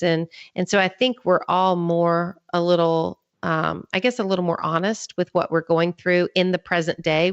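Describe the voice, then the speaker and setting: An American woman author, a podcast guest, explaining her ideas in an earnest, measured teaching tone. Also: on the low side, no echo, lo-fi sound. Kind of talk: podcast interview.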